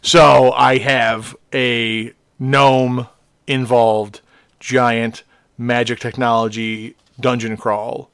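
A man's voice: medium pitch, flat delivery, drawn-out words, creaky, a bit bright, smooth, no room sound, clean studio sound. A man co-hosting a casual podcast, rambling with lots of restarts and fillers. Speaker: podcast co-host, module writer. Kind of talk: casual chat.

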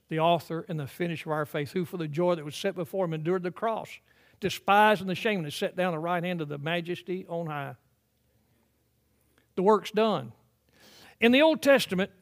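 High-voiced older preacher, emphatic swells. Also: male voice. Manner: emphatic preaching that swells to loud peaks, then drops to quiet, drawn-out phrases. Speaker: pastor. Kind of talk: sermon. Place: church sanctuary.

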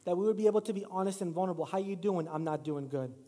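A man's voice: high-pitched, rapid-fire, dark tone. A middle-aged male pastor preaching a sermon in a church, mixing casual, self-deprecating stories with rising emphatic exhortation. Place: church sanctuary. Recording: long hall reverb.

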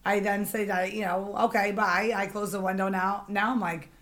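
A woman telling an animated, indignant story in a casual podcast chat. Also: medium pitch, normal speed. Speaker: podcast co-host.

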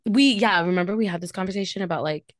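A woman's voice: medium pitch, quick pace, dry recording, studio quality. A young woman co-hosting a casual reality TV recap, sassy and opinionated, laughing often. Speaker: podcast co-host.

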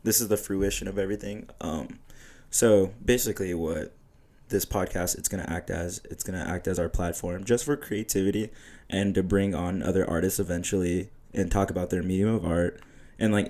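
Male podcast co-host, very low voice, relaxed slangy chat with frequent laughs. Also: a little fast. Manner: laid-back, laughing, slangy. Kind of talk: casual chat.

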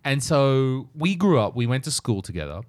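A young man in casual chat, quick and sarcastic, swearing freely. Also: mid-range voice, sing-song. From Australia. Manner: quick, swearing, mocking asides.

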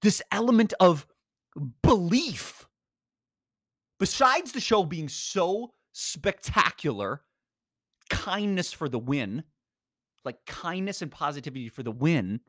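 A man hosting a podcast, giving an energetic, rambling motivational talk full of slang. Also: on the high side, dry recording, clean studio sound. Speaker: podcast host. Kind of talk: casual motivational monologue.

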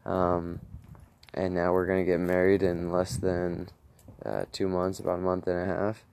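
A man's voice: deep voice, monotone, normal speed, gravelly, darkish tone, a little hiss or hum. A young man vlogging outdoors, telling his viewers a story, acting out his own reactions and rambling with restarts.

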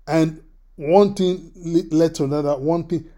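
A man preaching a sermon, telling a personal story in an animated way, often repeating his words. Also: fairly high pitch, a little slow. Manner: animated, repeats words, acts out quoted voices.

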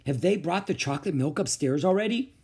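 A man's voice: a little high, lively intonation, fairly quick, creaky, darkish tone, slightly rough, full character voice. A man reading aloud, voicing a fussy, exasperated middle-aged male teacher. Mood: puzzled.

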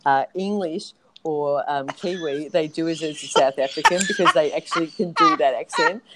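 A woman's voice: low voice, normal speed, very noisy. A woman co-hosting a casual, rambling chat, talking frankly and swearing casually. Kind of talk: casual reality-TV gossip chat.

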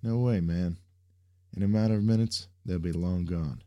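A man's voice: deep voice, normal speed, highs cut off, close to an everyday voice. A man doing an earnest young superhero. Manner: earnest, insistent persuading.

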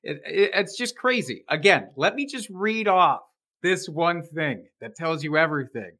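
A man co-hosting a fantasy football podcast, loose and joking, with casual swearing. His voice has a bright, forward edge. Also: on the high side, lively intonation, normal speed. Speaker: podcast co-host. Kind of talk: casual sports betting chat.

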